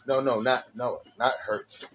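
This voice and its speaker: A man's voice: mid-range voice, steady tone, brisk, fairly bright tone, a little hiss or hum. Laid-back joking man on a podcast. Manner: laid-back, chiming in with jokes and acted-out voices. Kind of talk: casual podcast chat.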